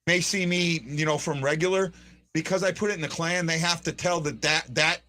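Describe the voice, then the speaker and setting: Excitable rambling man hosting a fan show. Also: on the high side, fairly quick. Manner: excitable, rambling, frequent restarts and fillers. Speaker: fan podcast host. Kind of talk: casual live hockey commentary.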